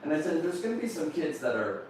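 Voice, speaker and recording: A middle-aged man giving a motivational seminar talk to a live audience, telling a story and slowing down to stress his key lines while calling out to the crowd. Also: on the high side, sing-song, a little mellow, a little hiss or hum. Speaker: motivational speaker. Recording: very echoey room, voice picked up from a distance, faint background ambience.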